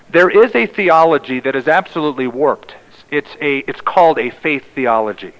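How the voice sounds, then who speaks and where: A male pastor preaching a sermon in an emphatic way, often dropping to a hushed tone for the key lines. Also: on the high side, low-quality recording.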